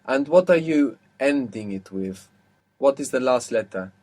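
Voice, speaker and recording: A man teaching an audio language lesson, patiently asking questions and repeating words slowly. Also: mid-range voice, animated, darkish tone.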